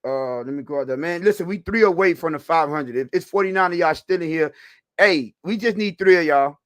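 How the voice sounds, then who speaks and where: A man with a fairly high voice talks briskly as co-host of a live football talk show. His chat with viewers is loose and rambling, with restarts and a lot of laughing. There's no echo on the audio.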